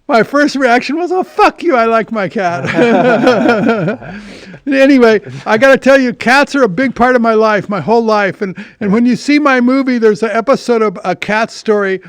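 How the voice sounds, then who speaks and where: A man's voice: extremely high pitch, moderate pace, no echo, clean studio sound. An older man hosting a podcast in casual chat, rambling with many restarts and blunt swearing. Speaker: podcast host.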